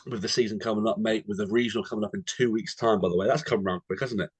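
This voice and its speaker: Talking at a racing pace, a young Englishman co-hosts a podcast, telling anecdotes and calling his friend "mate" constantly in casual chat. His husky voice is on the low side, with fairly even intonation and no room sound.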